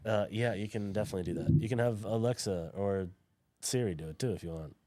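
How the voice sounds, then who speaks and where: A man's voice: fairly low pitch, quick pace, dark tone. Joking man bantering on a podcast. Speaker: podcast co-host. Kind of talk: casual chat.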